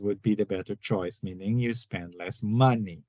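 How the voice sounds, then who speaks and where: Over a screen-recorded tutorial, a man teaches finance one step at a time, repeatedly asking "right?" and saying "all right." He has a lowish, darkish voice at normal speed, with no echo; the audio is dull, dry and lo-fi.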